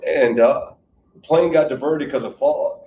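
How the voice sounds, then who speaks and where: A man's voice: on the high side, unhurried, vocal fry, warm tone, dull audio. A middle-aged man telling a rambling, self-correcting story about his aunt at a memorial in a club hall. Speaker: relative giving a memorial tribute. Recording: distant, echoey hall with faint noise.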